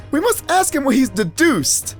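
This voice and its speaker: A player voicing an eager, polite young woman assistant with an excited, high voice. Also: slow, faint music behind, exaggerated voice. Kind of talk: let's play voice acting.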